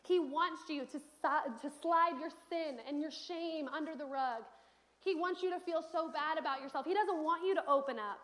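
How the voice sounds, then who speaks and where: A woman's voice: high voice, normal speed, fairly bright tone. A young woman preaching a sermon in a church, telling stories earnestly with casual fillers. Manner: earnest storytelling with conversational fillers. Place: church sanctuary.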